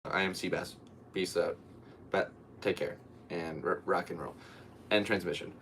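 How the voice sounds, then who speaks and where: A man's voice: low voice, steady tone, normal speed, a bit bright, husky. A young man hosting a solo podcast, worn out and yawning, rambling in a loose, goofy way. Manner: rambling and tired, with goofy voices and playful yelps. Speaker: podcast host.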